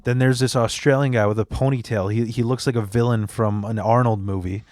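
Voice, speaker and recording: A man's voice: mid-range voice, steady tone, a little fast, darkish tone, dry recording, clean studio sound. A young man from the Chicago area, a stand-up comedian telling rambling, profanity-laced stories in a casual podcast chat. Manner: rambling storyteller, swears a lot.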